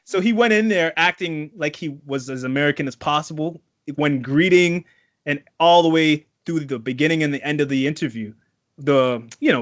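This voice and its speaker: A man from Trinidad co-hosting a casual podcast, animated and profane, acting out quotes. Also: on the high side, no echo. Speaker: podcast co-host. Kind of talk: casual chat.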